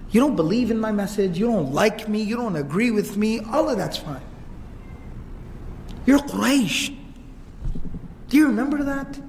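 Brief: a man as a calm, dignified father, earnest, high voice, long hall echo. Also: unhurried, pauses often, slight background noise. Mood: reproachful. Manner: earnest, repeats words for emphasis. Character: wronged father, dignified, steady, consoling.

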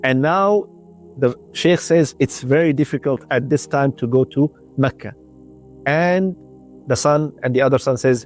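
A man's voice: medium pitch, a little slow, soft background music. A man telling a religious story on the radio, often repeating his phrases and using Arabic religious terms. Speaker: storyteller on a community radio station.

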